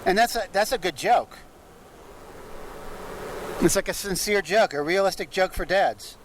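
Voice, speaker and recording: Out on a city street, a male comedian with a high-pitched voice delivers stand-up one-liners in an unhurried, deadpan way, muttering asides between the jokes. The recording is rough, with loud traffic and passing vehicles in the background.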